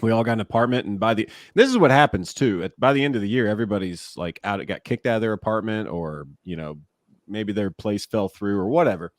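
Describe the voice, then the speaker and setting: A man in his forties, a former pro ballplayer turned broadcaster, telling animated stories in a casual podcast interview. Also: lowish voice, fast talker, dry recording, clean studio sound. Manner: animated, laughing storyteller who acts out quotes.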